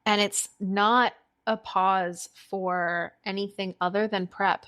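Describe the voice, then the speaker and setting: A woman's voice: mid-range voice, fairly even intonation, takes it slowly, fairly bright tone. A young woman hosting a podcast, speaking in an encouraging, reflective way as she responds to her guest's story. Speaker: podcast host. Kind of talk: conversational interview.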